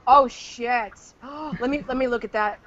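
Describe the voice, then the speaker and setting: High-voiced teasing woman. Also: unhurried, a bit bright, lo-fi sound. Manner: teasing, crude, laughs often. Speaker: podcast co-host. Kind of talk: casual chat.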